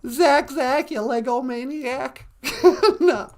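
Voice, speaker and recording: A woman's voice: sits high, extremely slow, darkish tone. A woman from Minnesota co-hosting a casual live stream, playful and laughing often. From Minnesota, USA. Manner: playful, laughs often, makes goofy computer beeps.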